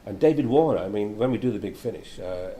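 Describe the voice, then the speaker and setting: An older actor telling anecdotes in a chatty interview, laughing often. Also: male voice, fairly low pitch, animated, quick pace, dark tone, slight background noise.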